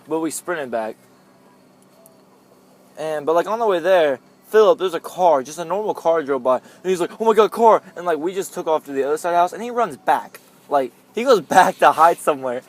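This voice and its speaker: A young man telling a story among friends in a casual chat, rambling with lots of "like" and laughing often. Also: a little high.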